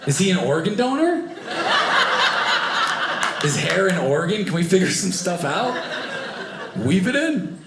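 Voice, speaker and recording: A young man doing a stand-up comedy set, animated and acting out the people in his stories. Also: sits high, a little slow, pauses often. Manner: animated, acts out voices of family and strangers. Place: comedy club stage with live audience. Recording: echoey club room, noisy audience.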